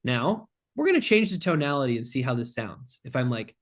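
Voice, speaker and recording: A man's voice: mid-range voice, sing-song, a little fast. A man who is a sales closing expert, chatting as a podcast guest, direct and joking, acting out short phone exchanges as he talks. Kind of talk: casual podcast chat.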